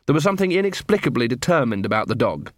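Expressive man narrating an audiobook. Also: mid-range voice, fast talker, dry recording, clean studio sound. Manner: expressive, wry storytelling. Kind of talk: scripted narration.

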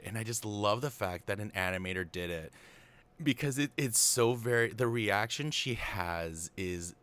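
A man's voice: on the low side, a bit bright. Chatty man casually recapping a film. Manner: chatty, filler-heavy, frequent restarts, amused and opinionated.

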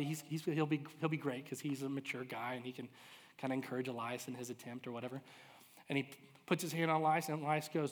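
Pastor, male, 30s; excitable, self-deprecating preacher telling a story in a big echoing church hall. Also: on the high side, brisk, pauses often, slight background noise. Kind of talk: sermon storytelling. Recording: reverberant hall.

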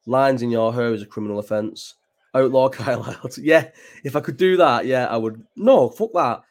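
A Bolton, England man runs a casual late-night live chat from home, child nearby, rambling on and swearing freely in a chatty way. His voice is mid-range with a darkish tone, at a moderate pace.

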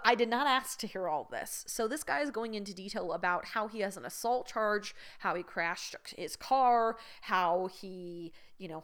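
A woman's voice: mid-range voice, fairly bright tone, clear, resonant tone. A young woman hosting a podcast, telling a story in a frank, exasperated, self-mocking way. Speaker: podcast host. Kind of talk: candid storytelling monologue.

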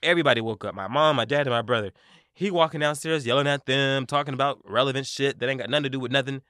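A young man co-hosting a podcast, telling an animated, profane story in casual chat. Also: mid-range voice, quick pace, smooth, dry recording, clean studio sound. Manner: animated, profane, replays his own quotes. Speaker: podcast co-host.

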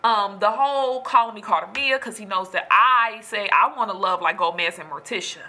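Breathy, emphatic woman venting. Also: medium pitch, moderate pace. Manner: animated, emphatic, preachy. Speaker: storyteller venting to viewers. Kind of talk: casual chat.

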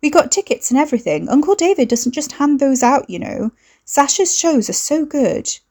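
A woman's voice: high voice, sing-song, normal speed, darkish tone, pitched above the performer's own voice. A woman voicing a bubbly, pushy young woman with an artificially cultured voice and a slight Essex twang. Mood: shrill insistent.

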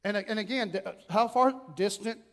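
A middle-aged man preaching a sermon as pastor, emphatic and repetitive, with quick self-talk asides. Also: high-pitched. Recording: long reverb in a hall.

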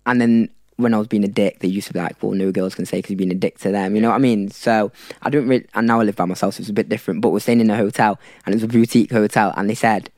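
Young male podcast guest from South Africa, low-pitched, loose and chatty, tells stories with fillers. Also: fairly even intonation, racing, hardly any pauses, a little mellow, no room sound, clean studio sound. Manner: rambling, with fillers and laughs. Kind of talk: casual storytelling.

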